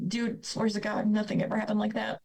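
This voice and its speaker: A woman's voice: mid-range voice, completely flat delivery, a little fast, vocal fry, a little mellow, rough recording. Woman guest on a podcast, blunt and raw, telling her own story straight out. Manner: candid, blunt and emotional. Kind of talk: personal storytelling.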